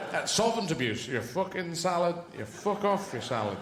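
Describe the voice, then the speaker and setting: A man's voice: on the high side, sing-song, moderate pace, hardly any pauses, slight background noise. A man doing a stand-up comedy routine, rambling through tangents and swearing freely. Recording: echoey venue with faint ambience.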